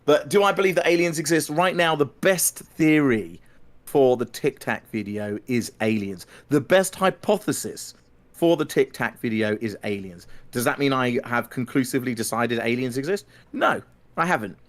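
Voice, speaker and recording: Measured man, tinged, debating. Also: mid-range voice, animated. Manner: measured, hesitant restarts, firm. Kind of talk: heated debate.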